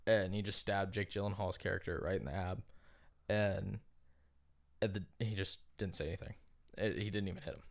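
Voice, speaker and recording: A man's voice: low voice, steady tone, fairly quick, gravelly. A man co-hosting a podcast in casual chat, telling a long story full of "like" fillers and casual swearing. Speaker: podcast co-host.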